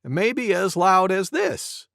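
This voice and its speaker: A woman's voice: mid-range voice, lively intonation, slow, creaky, dry recording, studio quality, pitched above the performer's own voice. A woman voicing a small, easily startled male cuckoo bird in a children's storybook reading.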